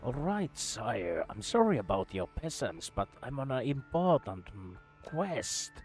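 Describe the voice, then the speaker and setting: A man streams a video game, talking casually and reading its text aloud in an animated voice with a lot of pitch movement. He swears now and then. Faint game music sits underneath. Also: a little slow.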